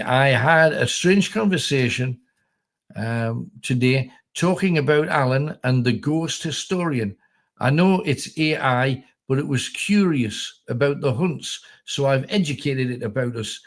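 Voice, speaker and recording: Chatty man hosting a livestream. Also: medium pitch. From North East England. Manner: rambling, chatty, self-deprecating. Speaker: host. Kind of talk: casual livestream chat, reading viewer comments.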